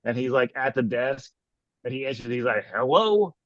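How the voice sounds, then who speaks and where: A man co-hosting a podcast in casual chat, retelling scenes in a rambling, animated way with lots of "like"s. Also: mid-range voice, a little fast, no echo. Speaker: podcast co-host. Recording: dull lo-fi sound.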